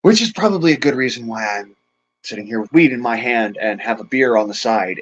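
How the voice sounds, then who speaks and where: His medium-pitched voice is very animated and a little fast as the middle-aged host unleashes an angry, profane livestream rant, shaken and agitated, mixed with chat greetings. The audio is dull and lo-fi.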